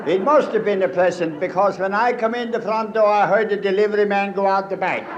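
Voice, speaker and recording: Folksy Pennsylvania Dutch comic, high voice. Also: male voice, steady tone, fairly quick, highs cut off. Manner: folksy storytelling with dry one-liners. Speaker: stand-up comedian. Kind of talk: live stand-up comedy. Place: stage before a live audience. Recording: old live recording in a roomy hall with crowd and hiss.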